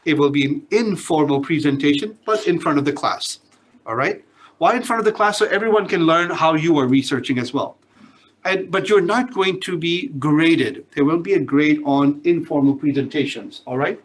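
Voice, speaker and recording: Husky-voiced male professor instructing a class. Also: on the high side, moderate pace. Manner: direct, repeatedly checks with "all right?". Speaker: business school professor.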